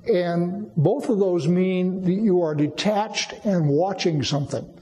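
A man's voice: high-pitched, measured pace, warm tone, in a large hall, poor audio. A man giving a sermon, explaining and teaching with emphatic repetition. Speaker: preacher.

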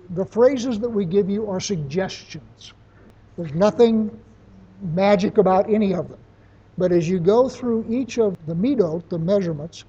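A husky, mellow voice teaching a class in a plain, down-to-earth way, reaching for everyday examples. The sound is dull and lo-fi, like a muffled lecture recording. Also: mid-range voice.

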